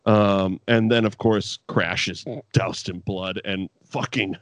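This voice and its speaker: A man's voice: deep voice, slow, dry recording. A man in a casual podcast chat, telling a wrestling story with lots of swearing and laughter. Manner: profane, laughing, animated storytelling. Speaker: podcast co-host.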